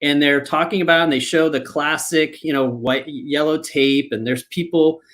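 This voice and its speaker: A man's voice: fairly high pitch, fairly even intonation, moderate pace, fairly bright tone. A man hosts a live podcast and tells a story in a loose, chatty way. He circles back, restarts his sentences and leans on plenty of fillers as he goes. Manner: rambling, full of fillers and restarts. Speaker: podcast host. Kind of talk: casual storytelling. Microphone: podcast microphone, live online.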